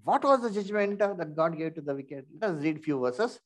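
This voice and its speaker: A man's voice: on the high side, expressive, fairly quick. A man teaching an interactive Bible lesson, often asking rhetorical questions and filling with "you see".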